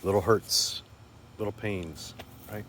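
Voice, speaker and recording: A man's voice: fairly low pitch, fairly even intonation, slow, fairly bright tone. A man telling a joke and musing on perspective in a rambling, earnest monologue. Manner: rambling, earnest, repeats words. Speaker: speaker sharing life reflections. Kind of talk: casual reflective monologue. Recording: faint background noise.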